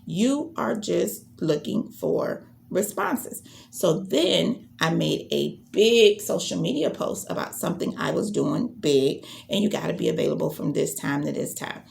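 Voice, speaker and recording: A woman leads a business launch training, her voice low and heavily gravelly. She talks with lively swings in pitch and acts out sample greetings along the way. A faint hiss sits under the recording. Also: unhurried.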